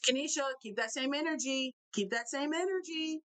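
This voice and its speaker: A young woman hosting a live basketball talk show, ranting in an animated way and repeating herself for emphasis. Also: high-pitched, moderate pace, low-quality recording. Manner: animated, repetitive, fired-up ranting. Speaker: show host.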